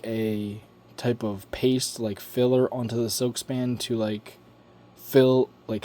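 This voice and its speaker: A man's voice: on the low side, a little mellow, a little hiss or hum. A man talking casually while he works on a model plane in his home workshop, rambling and offhand, with slang and swearing. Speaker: hobbyist building a model plane.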